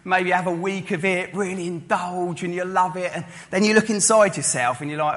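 Male preacher, bright clear voice, storytelling sermon, echoing hall. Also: high voice, steady tone, moderate pace, few pauses. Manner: storytelling, acting out voices of listeners. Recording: long hall reverb.

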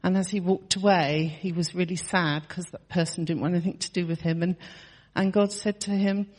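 A woman's voice: fairly low pitch, fairly even intonation, normal speed, darkish tone, in a large hall. A woman in her sixties telling a personal testimony in a chatty storytelling way, laughing often and restarting her sentences. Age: 60s. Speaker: church member sharing testimony.

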